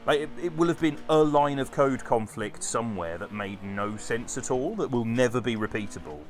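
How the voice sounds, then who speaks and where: A man, an airline pilot, chatting casually and telling animated, sweary stories during a stream. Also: mid-range voice, moderate pace. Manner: animated storyteller, swears freely. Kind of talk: casual chat over a stream.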